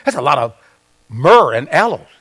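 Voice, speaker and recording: High-voiced man preaching a sermon. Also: very animated, moderate pace, gravelly, sharp tone, slightly rough. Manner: conversational, asks the audience questions, reads scripture aloud.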